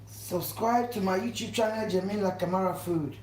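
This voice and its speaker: Speaking at normal speed in a mid-range voice with a darkish tone, this cooking channel host streams live from her home kitchen. She gushes, says things over again, and repeatedly asks viewers to subscribe. Faint household noise comes through the echoey room.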